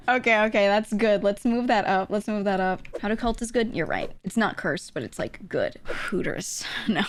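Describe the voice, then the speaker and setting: A woman's voice: on the high side, lively intonation, brisk, a bit bright. A young adult woman streaming, chatting casually and playfully with her viewers and laughing often. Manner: playful, giggly, talks with chat. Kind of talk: casual live-stream chat.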